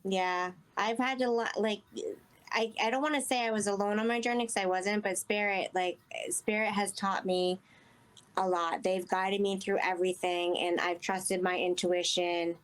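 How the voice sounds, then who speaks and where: A woman guest in a relaxed interview, speaking at a middling pitch. She talks earnestly and rambles, stringing thoughts together with frequent fillers. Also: moderate pace, clear, resonant tone. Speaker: guest medium. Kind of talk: casual interview chat.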